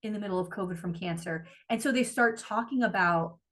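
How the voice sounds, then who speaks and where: A woman's voice: mid-range voice, fairly quick, fairly bright tone. A woman co-hosting a podcast, chatting casually and animatedly, gushing and swearing freely. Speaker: podcast co-host. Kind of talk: casual chat.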